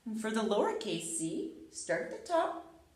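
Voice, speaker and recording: Animated woman teaching little kids. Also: a little high, a little slow. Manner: animated, playful, sing-song. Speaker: preschool teacher. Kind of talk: letter lesson and read-aloud for young children. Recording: roomy echo.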